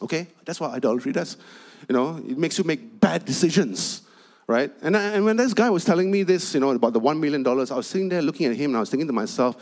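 A male pastor delivers a sermon in a chatty storytelling way, full of asides to the congregation. His voice sits a little high for a man. He turns animated and emphatic when he drives his point home. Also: fast talker. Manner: chatty storytelling with frequent "you know" asides.

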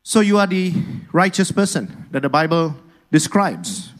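A man delivers a sermon from the pulpit, with a voice pitched well above most men. He speaks with energy and keeps calling on the congregation to answer and repeat his words. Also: a little slow. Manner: energetic, rousing congregation to respond. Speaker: pastor.

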